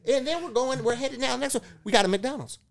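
A middle-aged motivational speaker with an extremely high, quick voice and vocal fry chats casually on a podcast. He's an animated storyteller who acts out the dialogue in his stories and swears freely.

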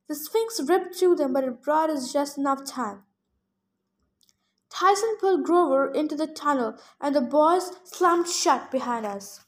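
A woman reading a novel aloud in first person, with steady storytelling. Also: high voice. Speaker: reader.

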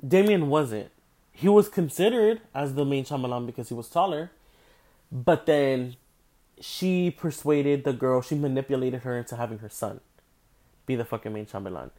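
A young man telling a rambling, profane story in casual storytime style, tired and yawning. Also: mid-range voice. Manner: profane, rambling, animated, swears constantly.

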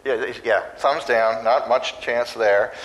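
A man preaching a sermon in a conversational, animated way, now and then acting out voices. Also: mid-range voice, slow, rough recording.

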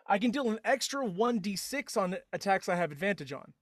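A man's voice: high voice, lively intonation, a little fast. A man playing a tabletop game, hesitant and full of restarts and laughs. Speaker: player. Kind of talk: casual tabletop play.

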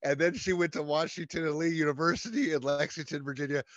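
A man's voice: a little high, fairly even intonation, quick pace, a bit bright, dull audio. A man from North Carolina co-hosting a podcast, talking casually in an enthusiastic, rambling way. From North Carolina, USA. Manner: rambling, enthusiastic, many restarts. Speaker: podcast co-host. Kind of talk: casual chat.

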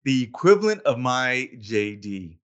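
A man's voice: mid-range voice, sing-song, unhurried, clear, resonant tone. Laid-back man hosting a podcast. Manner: laid-back, laughs easily. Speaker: podcast host. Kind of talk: casual chat.

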